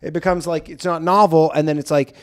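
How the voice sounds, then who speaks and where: A man's voice: on the high side, fairly even intonation, brisk, clean tone. A man hosting a comedy podcast, chatting casually and swearing.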